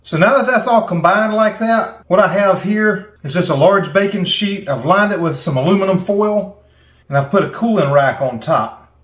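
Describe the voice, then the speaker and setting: Folksy Southern man, high-pitched. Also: normal speed. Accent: Southern American. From American South. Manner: folksy, homespun and chatty. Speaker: cooking channel host. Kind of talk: recipe demonstration.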